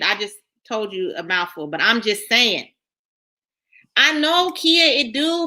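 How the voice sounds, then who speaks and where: A woman, hosting a casual livestream, reading viewers' comments aloud and chatting in a lively way, repeating herself often. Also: fairly high pitch, measured pace. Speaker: channel host reading live chat.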